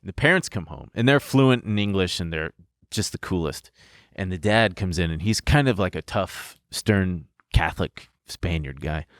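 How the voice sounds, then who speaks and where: A man's voice: sits low, animated, normal speed, dry recording, studio quality. A young man co-hosting a podcast, telling a long personal story in a rambling, self-deprecating way and laughing between lines. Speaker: podcast co-host. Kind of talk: casual storytelling chat.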